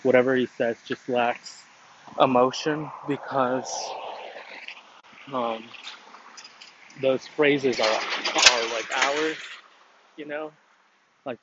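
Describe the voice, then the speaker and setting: Slow, flat-voiced man rambling casually. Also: mid-range voice. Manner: rambling and hesitant, many fillers and restarts. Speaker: storyteller explaining a family matter. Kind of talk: casual monologue. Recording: dull lo-fi recording with clear background noise.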